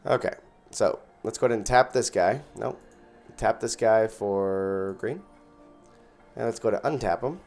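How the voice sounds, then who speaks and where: Casting: male gaming host, lower voice, chatty play-by-play over soft music. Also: measured pace. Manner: thinks aloud while counting mana. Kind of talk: casual gameplay commentary.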